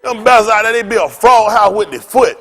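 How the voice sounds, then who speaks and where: A man with a high-sitting voice talks a little fast, pushed and bright, over soft background music. He's a pastor delivering a sermon full of funny stories, speaking loosely and colloquially and laughing often as he tells them.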